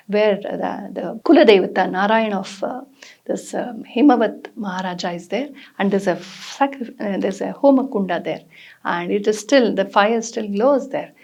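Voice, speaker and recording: A woman telling a mythological story in a lively, expressive manner with frequent fillers. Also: mid-range voice, vocal fry.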